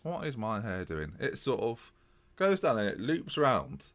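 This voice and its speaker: A man's voice: medium pitch, unhurried. Chatty man narrating his game. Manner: chatty, animated, self-mocking. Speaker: gaming YouTuber. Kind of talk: casual game commentary.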